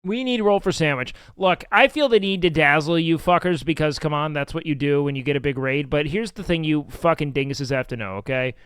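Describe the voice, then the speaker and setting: A tired, sleepless man talks straight to his live chat in a brash, teasing, foul-mouthed way. His voice sits a little high and comes through smooth and clean. The sound is dry and close. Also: brisk, hardly any pauses, a bit bright, dry recording. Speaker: livestreamer. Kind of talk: casual live-stream chat to viewers.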